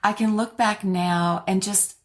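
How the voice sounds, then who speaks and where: A woman's voice: mid-range voice, steady tone, a little slow. A woman co-hosting a podcast, talking casually and telling her stories in a heartfelt, reflective way. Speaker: podcast co-host.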